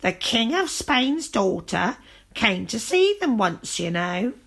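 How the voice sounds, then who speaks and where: A kindly, flustered storybook witch, put on by a woman reading aloud, pitched well up and swinging widely as she fusses. She exclaims and drags her words out slowly when she pleads. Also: very animated, vocal fry, fairly bright tone, husky, heavily acted. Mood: wistful. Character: flustered, kindly female witch hosting a crowded party.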